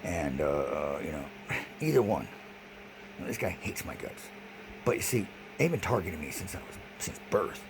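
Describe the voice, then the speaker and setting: A man's voice: sits low, sing-song, normal speed. A man in a rambling, agitated video monologue who repeats himself and swears often. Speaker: vlogger. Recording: noisy background.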